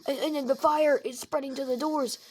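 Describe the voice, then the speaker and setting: A woman's voice: sits high, steady tone, a little fast, a little hiss or hum. A woman telling an improvised comedic game story, rambling and jokey and often breaking off mid-sentence. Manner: rambling, jokey, self-interrupting.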